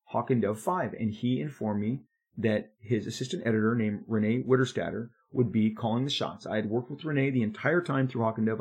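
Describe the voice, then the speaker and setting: A middle-aged man, a comic book artist, recounting his career in an animated, confiding monologue with frequent restarts. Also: medium pitch, breathy edge. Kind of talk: storytelling monologue.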